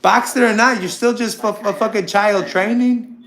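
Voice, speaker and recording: A man in his thirties with a high voice, ranting on a livestream. He is crude and confrontational, talks loudly, and keeps repeating himself. The room around him sounds echoey. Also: moderate pace. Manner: crude, confrontational, trash-talking a chatter; loud and excitable, repeats himself. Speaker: livestream host. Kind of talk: unscripted livestream rant. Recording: roomy echo.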